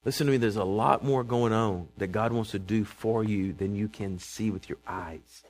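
A man, preaching a sermon to his congregation, emphatic and calling for responses, swinging between loud proclamations and quiet asides. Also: on the low side, moderate pace. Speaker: pastor. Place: church sanctuary before a congregation.

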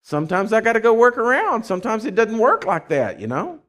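Male preacher, animated, folksy storyteller, wide pitch swings. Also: brisk. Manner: animated storytelling, acts out voices; folksy, conversational. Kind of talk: sermon.

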